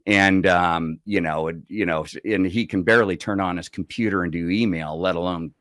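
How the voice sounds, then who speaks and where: A middle-aged man telling a story as an interview guest, chatty and animated, acting out the voices of people in it. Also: low voice, normal speed, no echo, studio quality. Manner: animated, acts out the voices of people in his stories; chatty, with many fillers like "I'm like going".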